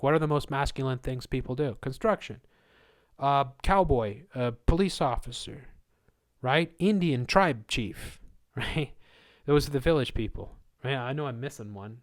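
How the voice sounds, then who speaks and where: A man hosting a live question-and-answer stream, rambling through conspiratorial takes and chuckling often. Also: medium pitch. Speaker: livestream host. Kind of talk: live Q&A monologue.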